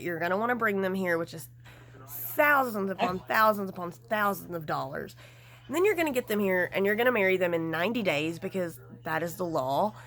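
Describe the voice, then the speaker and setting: A woman vlogger giving casual, gossipy commentary, animated and frank with some mild swearing. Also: medium pitch.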